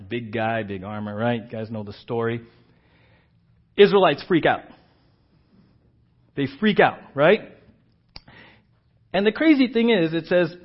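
A man's voice: on the high side, muffled recording. Conversational middle-aged male preacher. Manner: conversational, keeps asking "right?"; acts out quoted characters with big swings in loudness. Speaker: pastor. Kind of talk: sermon.

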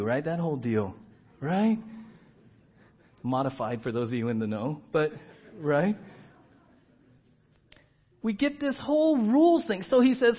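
A male pastor preaching a sermon, moving between loud emphatic repeats and hushed asides. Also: sits high, expressive, normal speed, breathy edge. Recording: dull lo-fi church recording.

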